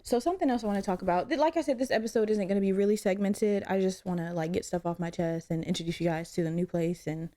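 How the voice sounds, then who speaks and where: Young woman host, casual solo podcast rant, blunt and profane, mid-pitched. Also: fast talker, hardly any pauses. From Virginia. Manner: candid, profane, animated storytelling.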